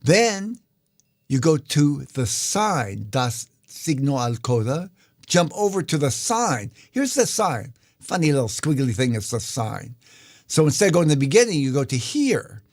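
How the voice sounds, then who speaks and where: A man leads a live online guitar lesson, walking viewers through the notation one step at a time. His delivery is unhurried and conversational, sprinkled with ums and restarts. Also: fairly high pitch. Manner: relaxed, explanatory, many fillers. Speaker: guitar teacher.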